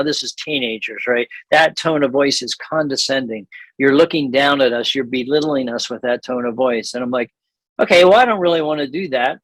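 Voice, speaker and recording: A middle-aged man teaches a church seminar in a loose, conversational way, often restarting sentences and laughing lightly. His voice sits a little high for a man. The sound is dry and close, with little room in it. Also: a bit bright, no room sound, poor audio. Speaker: pastor leading a seminar.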